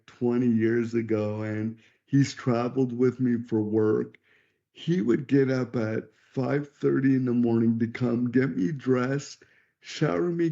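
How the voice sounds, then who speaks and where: A man's voice: mid-range voice, vocal fry, dark tone. A middle-aged man speaking earnestly and reflectively as an interview guest, telling a personal story over a video call with some restarts. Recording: dull lo-fi call audio.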